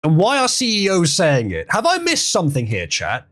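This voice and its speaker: A man's voice: a little high, huge pitch swings, normal speed, fairly bright tone. A man hosting a livestream, chatting casually, reading chat messages and laughing often. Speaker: livestream host.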